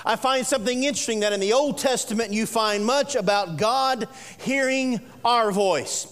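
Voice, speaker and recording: A man preaching a sermon as pastor, dropping to a hush and slowing hard on key words. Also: sits high, animated. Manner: preaching with sudden drops to a hushed voice and slow emphatic stresses. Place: church sanctuary. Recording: long reverb of a church sanctuary.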